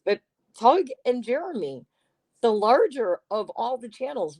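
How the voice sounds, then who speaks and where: A woman's voice: fairly high pitch, a little mellow, no echo. A woman hosting a casual livestream, chatting in a teasing way and reading her viewers' comments aloud. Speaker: livestream host.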